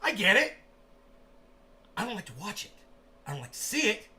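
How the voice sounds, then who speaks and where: A man livestreaming a profane rant, who swears constantly, bursts into shouting and acts out scenes in quoted voices. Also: high voice, sing-song, moderate pace.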